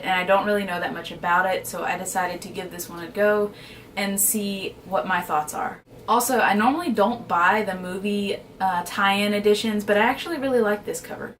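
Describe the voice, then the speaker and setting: Heard from a distance with a faint hiss or hum, this mid-range female voice belongs to a vlogger doing a relaxed book haul chat. She frequently can't recall titles and raves about the books she loves.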